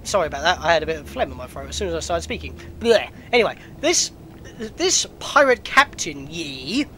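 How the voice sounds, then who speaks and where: A man narrating his gameplay in a chatty, excitable way with sudden outbursts. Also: sits high, a little hiss or hum. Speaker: let's player. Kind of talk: gameplay commentary.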